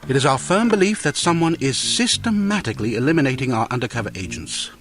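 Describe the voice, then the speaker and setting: A man's voice: mid-range voice, expressive, quick pace, lightly acted. An actor playing a male spy chief, formal and businesslike. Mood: grave.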